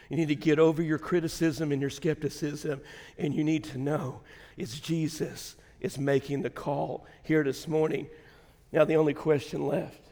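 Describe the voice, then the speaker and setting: A man preaching a sermon as pastor, swinging from shouting to hushed whispers and telling folksy stories with laughter. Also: fairly high pitch, creaky. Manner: folksy storytelling with fillers and laughter. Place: large church sanctuary. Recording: long hall reverb.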